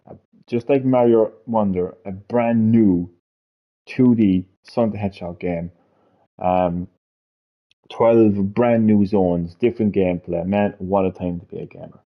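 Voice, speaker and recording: A man chatting on a gaming live stream, rambling, swearing freely and repeating himself. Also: fairly low pitch. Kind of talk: casual live-stream chat. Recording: dull lo-fi stream audio.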